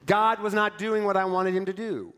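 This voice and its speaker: A male pastor preaching a sermon in a conversational, wry storytelling manner with quick acted asides. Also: high-pitched, fairly bright tone, clear, resonant tone.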